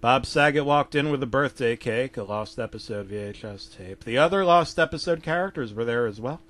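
Male narrator for a comedic horror story, deadpan and low-key, mid-pitched, prone to sudden loud outbursts. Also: a little fast.

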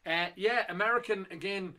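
A middle-aged whiskey auction host, his voice a little higher than most men's, casually previews a run of auction lots at a moderate pace against a noisy background. He rambles and circles back on himself, with plenty of ums and uhs.

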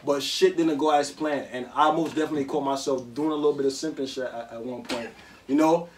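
A man's voice: mid-range voice, brisk, recorded from a distance, slight background noise. Young man with a Jamaican New York accent. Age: young adult. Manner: animated, laughing, slangy banter. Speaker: host. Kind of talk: casual group chat.

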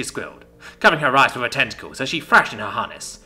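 A man narrating a story in an expressive, animated reading voice. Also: medium pitch, fast. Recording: soft background music.

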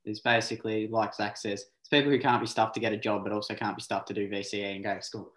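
A man's voice: lowish voice, level tone, quick pace, fairly bright tone. A young Australian man in his late teens hosting a podcast, asking questions in an easygoing way with plenty of ums. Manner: easygoing, filler-heavy questioning. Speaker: podcast host. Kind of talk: casual interview questions. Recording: roomy echo.

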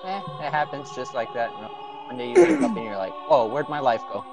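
A man tossing off dry wisecracks in casual gaming chat, with a lively, expressive voice. Game music plays clearly underneath. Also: mid-range voice, brisk. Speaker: let's play co-host.

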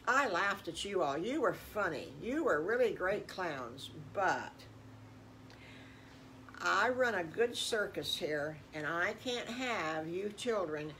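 A woman's voice: fairly low pitch, lively intonation, slow, a little hiss or hum, low-quality recording. An older woman voicing a kindly male circus boss who gushes with praise for the children. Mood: praising. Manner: warm, gushing praise.

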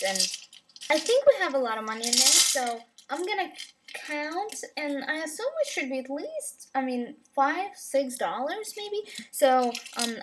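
High, bright woman, teasing, distant mic, faint hiss. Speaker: vlogger sending a birthday message. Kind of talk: joking casual webcam message.

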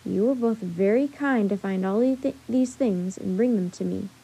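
A woman reading the part of a tired, defeated man with a deep, weary voice in a storybook. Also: moderate pace, gravelly, dark tone, slightly rough, low-quality recording.

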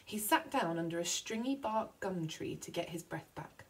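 A woman teacher reading a picture book aloud to children, slowing down for effect. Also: on the low side, rough recording. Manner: expressive storytelling, slowing for effect.

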